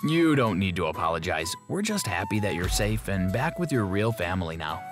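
A man voicing a kindly foster parent in an animated story, speaking gently and reassuringly. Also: sits low, moderate pace, music in the background.

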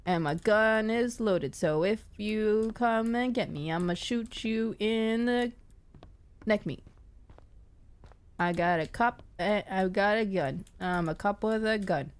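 A woman voicing a gruff, tough-talking female cop with a gun, in low, mock-menacing bravado. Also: slow, close to an everyday voice.

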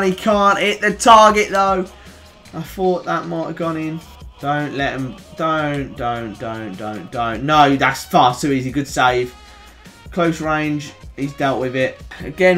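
A young man with a Birmingham accent giving excitable, chatty play-by-play commentary on a football video game, groaning and shouting at near misses. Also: fairly high pitch. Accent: Birmingham English. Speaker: gaming YouTuber.

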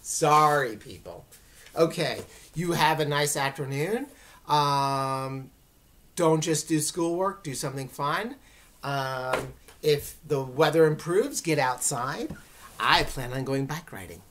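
A woman's voice: low voice, slow pace. A woman teacher giving friendly instructions to her students in a recorded lesson.

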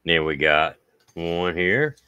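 A low, smooth, resonant Appalachian man reads viewer letters on a casual livestream, taking it slowly with lively intonation. Bright and forceful yet folksy, he draws his thanks out at length. The close, dry recording has no room sound and its highs cut off.

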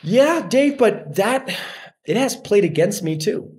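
A man in his forties speaks English with a Colombian Spanish accent, his voice sitting a little higher than most men's. He tells stories in a relaxed interview, often slipping into quoted voices of other people. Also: takes it slowly. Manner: animated storyteller acting out quoted voices. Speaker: podcast guest, actor. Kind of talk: casual interview chat.

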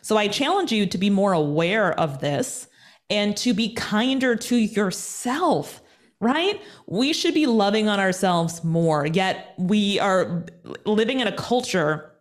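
Taking her time in a mid-range voice, a TV personality and speaker gives an interview over a call. She sounds energetic and emphatic, motivational in tone, and repeats her points for emphasis.

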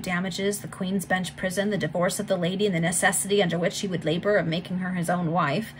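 A woman reading a Victorian novel aloud in a steady, clear, measured voice. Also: lowish voice, a little hiss or hum, rough recording. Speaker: volunteer reader.

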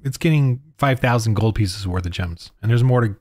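A man's voice: on the low side, normal speed, darkish tone. Rambling male game master on a call. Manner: rambling, laughs often, many fillers. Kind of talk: narrating a tabletop game over a call. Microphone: video call.

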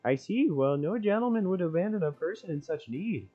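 A man's voice: high-pitched, lively intonation, brisk, slightly rough, dull audio, soft background music, pitched above the performer's own voice. A man voicing a fussy, genteel middle-aged male professor in a theatrical, overly proper manner, improvising over game dialogue.

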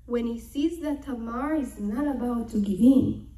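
A young woman tells a scripture story in a higher voice, taking her time. She draws out the narration with dramatic emphasis. She gives voice to the figures as she tells it. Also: a little slow, dark tone, poor audio. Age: young adult. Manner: acts out quotes with dramatic emphasis. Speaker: Torah teacher.

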